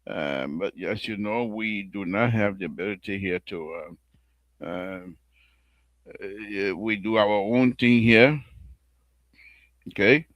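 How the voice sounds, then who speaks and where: A man's voice: on the low side, slow, pauses often, no room sound, dull audio. A man with a Liberian accent, hosting an online radio talk show, who rambles, repeats his phrases, prays aloud and rants about politics. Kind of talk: casual talk show monologue with prayer.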